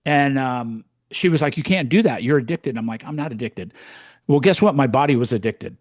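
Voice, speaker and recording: A man in his sixties from California tells his story in a casual podcast chat. He talks bluntly and with animation, swearing freely. His voice sits at an average pitch and sounds dry and close. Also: moderate pace, darkish tone, dry recording. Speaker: podcast co-host, real estate coach.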